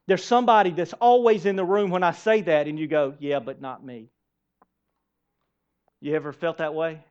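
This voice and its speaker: A male pastor preaching a sermon in a church, animated and asking the congregation rhetorical questions. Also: high-pitched, a little fast. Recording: dull lo-fi sermon recording.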